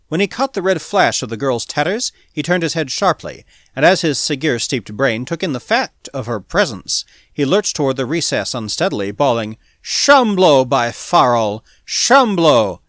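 This audiobook comes from a male narrator with a mid-range voice, whose storytelling is measured and expressive. Clean studio sound, no echo.

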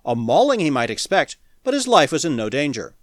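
A man narrating a pulp science fiction story as an audiobook in a dramatic, animated reading. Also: fairly high pitch, a little fast, no room sound, studio quality.

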